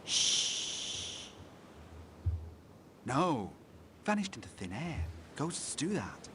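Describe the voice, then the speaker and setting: A man's voice: mid-range voice, wildly swooping pitch, unhurried, noisy background. An actor voicing a superstitious local man with folksy, rustic grammar, spinning a ghost tale. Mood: storytelling. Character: superstitious local man, a hotel worker telling ghost tales. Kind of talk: video game voice acting.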